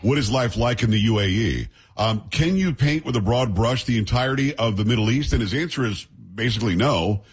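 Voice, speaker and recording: A man's voice: medium pitch, animated, brisk, hardly any pauses, slightly rough. A middle-aged man hosting a radio talk show, chatting and joking casually with his sidekick. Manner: chatty, jokey banter with sidekick.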